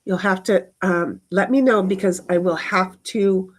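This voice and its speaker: Casting: woman live-streaming outdoors, loose rambly chat, mid pitch, casual swearing. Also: fairly even intonation, unhurried. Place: backyard outdoors.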